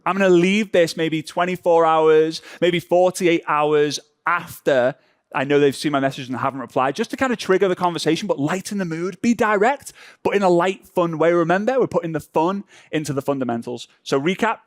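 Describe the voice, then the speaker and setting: A man's voice: on the high side, fairly quick, no echo. A man teaching a workshop with a slightly raised voice. He is playful, acting out the little reactions people have while texting. The sound is dry and close. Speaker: workshop presenter.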